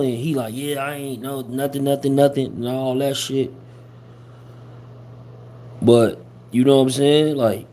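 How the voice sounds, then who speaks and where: A man's voice: medium pitch, mellow. A man hosting a casual livestream, talking loosely with lots of slang and fillers. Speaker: host of a hip-hop gossip livestream.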